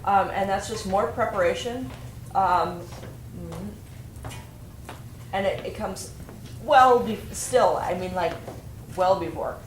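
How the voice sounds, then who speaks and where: A woman's voice: mid-range voice, slow pace, long pauses. Woman coaching in an echoey rehearsal room. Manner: direct, practical instructions with fillers. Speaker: music ensemble instructor. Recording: echoey room with noise, from a distance.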